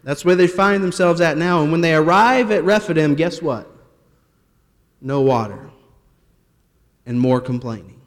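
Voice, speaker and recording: Man, assistant pastor, earnest sermon and scripture reading, slightly high voice, long church reverb. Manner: earnest, reads scripture aloud in King James wording. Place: church sanctuary.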